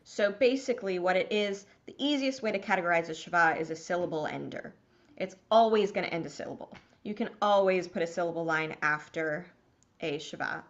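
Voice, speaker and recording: A woman's voice: fairly low pitch, dull audio. A woman rabbi teaching a small class to read Hebrew, patient and encouraging.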